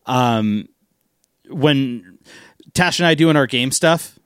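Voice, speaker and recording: A man's voice: mid-range voice, slow pace, smooth, no echo, clean studio sound. A man co-hosting a casual podcast, chatty and a bit foul-mouthed. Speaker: podcast co-host. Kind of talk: casual chat.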